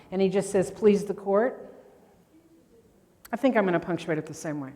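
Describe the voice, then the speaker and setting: A woman from Indiana teaches grammar to a convention crowd, tossing out questions and answering them herself. Her voice sits at a middle pitch for a woman. A long reverb trails her words through the large hall. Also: dark tone. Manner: quizzing the audience with quick questions and answers. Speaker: grammar instructor at a court reporters' convention. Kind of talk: interactive classroom lecture. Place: convention meeting room.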